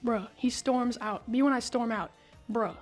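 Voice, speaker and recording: A woman's voice: fairly high pitch, a little slow, soft background music. A woman casually recapping a story for her video, slangy and profane, talking into a broken microphone in a room. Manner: slangy and profane, says bruh and brother. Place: indoor room with a whiteboard.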